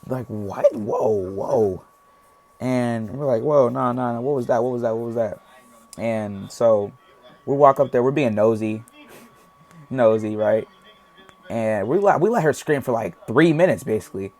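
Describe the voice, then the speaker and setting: A man's voice: medium pitch, a little mellow. A young man telling a casual storytime, rambling with lots of slang and acting out what people said. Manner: rambling, heavy slang, acts out voices. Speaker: storytime vlogger.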